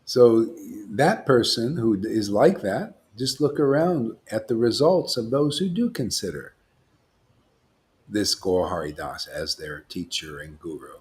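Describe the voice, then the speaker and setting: A man's voice: on the low side, lively intonation, measured pace. A man giving an informal devotional sermon as a spiritual teacher, rambling and emphatic, often acting out what imagined listeners say.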